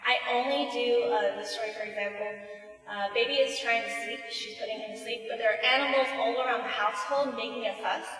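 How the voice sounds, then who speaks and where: Woman librarian presenting at a conference, casual and chatty, slightly high voice, caught from a distance in a big reverberant hall. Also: fairly even intonation, brisk, fairly bright tone. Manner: casual and chatty, says "like" a lot; acts out story voices with big pitch jumps. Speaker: children's librarian, keynote speaker. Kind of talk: conference talk on storytime books. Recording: echoey hall recorded from far off, faint music.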